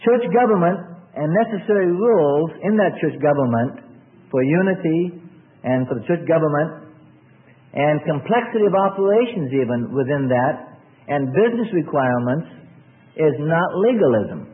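A man preaching with a lively, swooping delivery, pressing his points over and over and letting words sink low for weight. His voice sits a little high for a man. The sound is thin and phone-like, with a long hall echo behind it. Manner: emphatic, repetitive, drawn-out preaching with sudden drops in pitch. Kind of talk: sermon. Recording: tinny lo-fi sermon recording in a reverberant hall.

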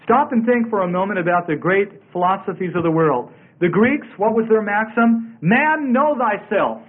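A man's voice: high voice, normal speed. A man preaching a sermon, emphatic, repeating key phrases and scripture references for weight. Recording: tinny narrow-band radio broadcast.

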